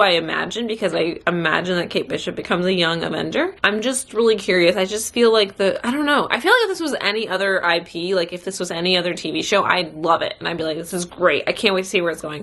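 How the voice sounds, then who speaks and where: A woman's voice: medium pitch, a bit bright. A woman in her thirties chatting casually to camera in a rambling, self-deprecating way from her home desk. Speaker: vlogger. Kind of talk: casual vlog chat. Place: home office.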